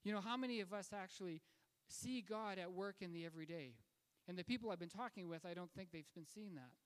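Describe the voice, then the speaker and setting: Speaking fast, this pastor has a high, clear, resonant voice as he delivers a sermon and tells a story in a loose, conversational way, full of fillers and restarts. The sound carries a long hall reverb.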